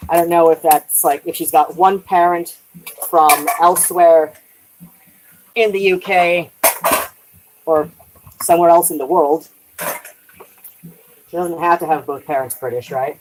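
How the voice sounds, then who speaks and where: A woman's voice: lowish voice, steady tone, unhurried, long pauses, noisy background. A woman chatting casually on a live stream while doing dishes at home, rambling, trailing off and swearing lightly.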